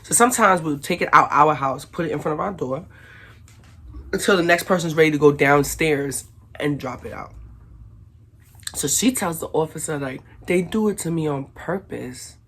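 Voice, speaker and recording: Husky animated woman telling a story. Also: low-pitched, moderate pace, pauses often. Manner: animated, slangy storytelling with acted-out quotes. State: recovering from illness. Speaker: vlogger. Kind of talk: casual storytime.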